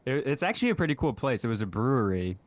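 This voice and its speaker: A man's voice: medium pitch, sing-song, fast talker. A young man in his twenties co-hosting a podcast, telling a story in a laid-back, slangy, profane way while hungover. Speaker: podcast co-host. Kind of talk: casual chat.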